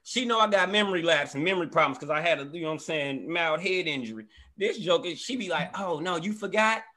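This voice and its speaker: A man hosting a live comedy show, telling profane, animated stories about his kids and wife and acting them out. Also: a little high, fast talker. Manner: profane, animated storytelling that acts out family members. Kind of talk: stand-up storytelling. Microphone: live stream.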